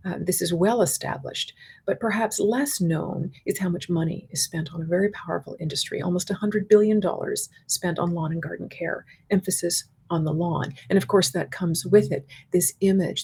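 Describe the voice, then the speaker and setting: Giving the keynote at a conference, a middle-aged woman who is a university professor builds her argument through spoken lists in an articulate, measured way. She has a lowish, darkish voice with a breathy edge.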